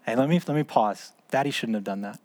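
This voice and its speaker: Here a man talks fast in a mid-range, somewhat dark-toned voice while leading a small church discipleship group. He's in his thirties or forties and teaches informally, raising his own questions and then answering them before finishing with a prayer.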